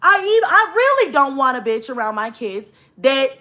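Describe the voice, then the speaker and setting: A woman's voice: high-pitched, very animated, normal speed, bright, forceful tone. A young woman vlogger telling a story in a rant, swearing freely and acting out both sides of an argument.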